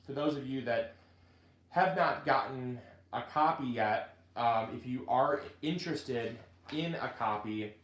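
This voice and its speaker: A man hosting a casual gardening video, chatting in a halting way with many restarts. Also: medium pitch, roomy sound. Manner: chatty, halting restarts, gets choked up reading. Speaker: gardening channel host and author. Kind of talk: casual live video chat.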